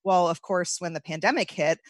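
A woman's voice: on the low side, a little fast, no room sound. A woman who owns a bakery, chatting as a guest in an interview and laughing easily. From United States. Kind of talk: casual interview.

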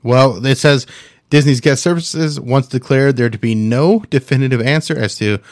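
A man's voice: medium pitch, normal speed, a little mellow, dry recording, studio quality. Wry man reading trivia aloud. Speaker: podcast co-host. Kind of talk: casual comedy chat, reading trivia aloud.

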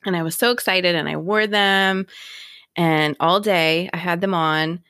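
A woman's voice: a little slow, no room sound, studio quality. A woman in her thirties co-hosting a podcast, telling a funny story in casual chat and acting out the quotes. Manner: animated storyteller, acts out quotes with big pitch jumps. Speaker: podcast co-host.

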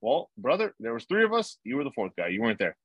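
A man's voice: medium pitch, huge pitch swings, fast talker, a bit bright, breathy edge, no echo, rough recording. A young man hosting a casual podcast, telling rambling stories with lots of fillers and swearing. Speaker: podcast host. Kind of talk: casual chat.

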